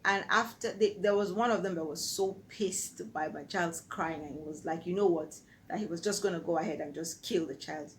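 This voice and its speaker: A woman's voice: lowish voice, moderate pace, hardly any pauses, a little hiss or hum, rough recording. Nigerian woman telling a true story. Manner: earnest, vivid retelling. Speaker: vlogger. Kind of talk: personal storytelling.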